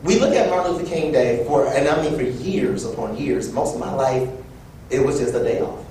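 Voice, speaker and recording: A young man giving a personal storytelling speech at an event, animated and acting out quoted voices. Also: brisk. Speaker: event speaker. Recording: echoey room from far off with low rumble.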